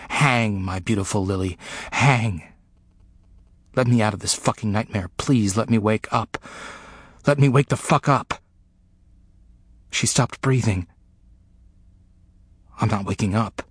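Slow, grave man reading a memoir. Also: fairly low pitch, husky, no echo. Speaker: narrator. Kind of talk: first-person memoir reading.

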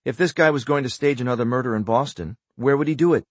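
A man's voice: fast, dry recording, lightly acted. A man voicing a no-nonsense woman police detective in a lifted, lighter voice. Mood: sharp questioning. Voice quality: raised, lighter pitch.

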